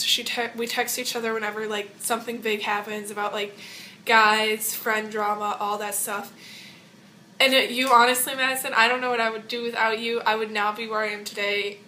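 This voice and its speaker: Gushing teen girl with a bright voice. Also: on the high side, a little hiss or hum. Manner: gushing, rambling, lots of fillers. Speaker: vlogger. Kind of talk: casual birthday message vlog. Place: home bathroom, indoors.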